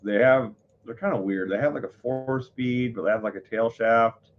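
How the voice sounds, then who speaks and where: A man's voice: medium pitch, moderate pace, dull audio. A man chatting casually on a live stream, rambling, full of fillers and self-corrections. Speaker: livestreamer.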